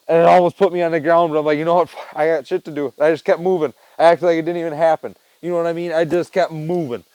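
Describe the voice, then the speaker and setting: A vlogger chats loosely to his camera at home, rambling through a story while swearing and laughing. His voice is on the high side and a little mellow, recorded with no echo but in poor audio quality.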